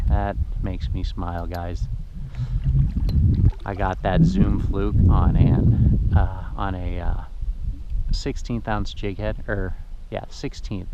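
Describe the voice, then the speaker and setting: A man's voice: sits low, highs cut off, heavy background noise. A man narrating his fishing trip to camera from a boat outdoors, chatty and emotional as he talks to his viewers. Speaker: fishing vlogger.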